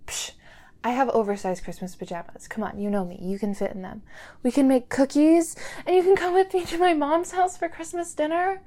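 A woman's voice: high-pitched, brisk, warm tone. A young woman in an audio role-play, talking straight to the listener as an effusive, gushing partner who often breaks into laughter.

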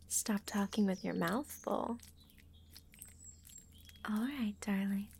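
A young woman in a whispered role-play, speaking in an intimate, teasing, affectionate breathy whisper. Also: medium pitch, fairly even intonation, slow, pauses often, darkish tone, slight background noise. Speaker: audio role-play performer.

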